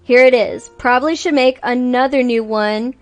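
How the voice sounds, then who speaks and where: Brief: female VTuber streamer, high-ish voice, exasperated, swears freely while ranting. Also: moderate pace, soft background music. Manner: exasperated, profane storytelling. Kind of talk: casual livestream rant.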